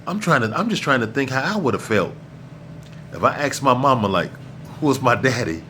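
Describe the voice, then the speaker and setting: A man's voice: medium pitch, sing-song, brisk, sharp tone, a little hiss or hum. Blunt, profane man ranting. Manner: blunt, profane and preachy, repeats himself for emphasis. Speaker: vlog host. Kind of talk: ranting monologue to camera.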